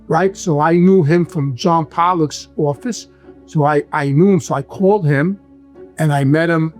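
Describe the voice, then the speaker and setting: A man's voice: on the high side, a little slow, darkish tone, soft background music. A man with a New York accent telling stories in casual, rambling talk and acting out the dialogue. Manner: rambling, acts out quoted dialogue. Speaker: guest telling his life story. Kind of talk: casual storytelling.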